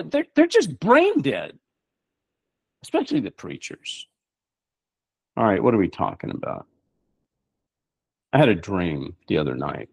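Animated, emphatic male preaching host. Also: fairly low pitch, gravelly, husky, no room sound. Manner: emphatic, rhetorical questions. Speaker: show host. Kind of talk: preaching talk-show monologue.

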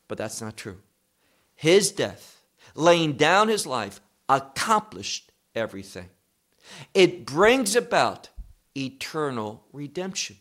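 A man's voice: fairly high pitch, big pitch swings, slow pace, fairly bright tone. A man giving a Bible teaching, emphatic and posing rhetorical questions he then answers.

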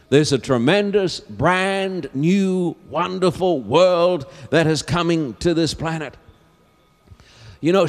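Male evangelist with a high voice, emphatic sermon delivery, long hall echo. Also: a bit bright. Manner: slow, emphatic, repeats key phrases. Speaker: evangelist preacher. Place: large auditorium. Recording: long reverb of a big hall.

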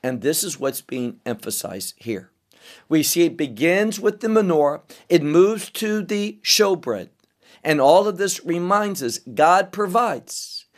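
A man's voice: on the high side, animated, measured pace. A man teaching scripture verse by verse, reading each verse aloud and explaining the Hebrew words. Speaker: Bible teacher.

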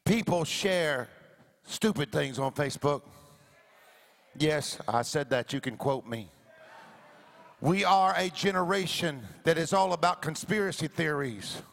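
A woman's voice: low voice, unhurried, vocal fry, long pauses. A woman pastor preaching a sermon in a church, leading the congregation in emphatic call-and-response with a sing-song cadence. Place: church sanctuary.

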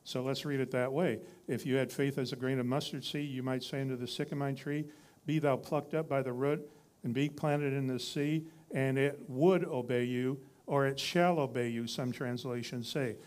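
A man's voice: medium pitch, steady tone, moderate pace. A man preaching a sermon in a conversational teaching style, reading scripture and building to emphatic repeated lines.

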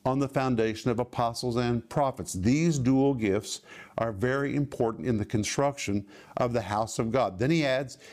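A man preaching a teaching sermon, reading scripture slowly and stressing words with emphasis. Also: medium pitch, darkish tone. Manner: slow emphatic Bible reading, stretched words.

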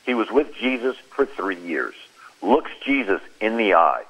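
A man giving a Christian talk on a radio show, telling stories in an animated way and acting out the quoted lines. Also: on the low side, measured pace, breathy edge, low-quality recording. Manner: animated storyteller who acts out quoted speech. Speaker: Christian speaker.

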